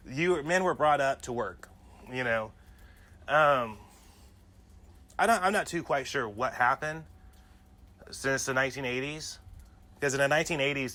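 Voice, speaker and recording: A man's voice: medium pitch, pushed and bright. A man hosting his own podcast, telling personal stories in a casual, rambling monologue full of "you know" asides. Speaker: podcast host.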